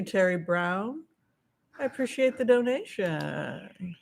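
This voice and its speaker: Her voice is medium-pitched and creaky, and she speaks at a measured pace. She's a tarot reader hosting a laid-back live stream, chatting in a meandering way full of tangents as she takes viewers' questions and thanks those who donate.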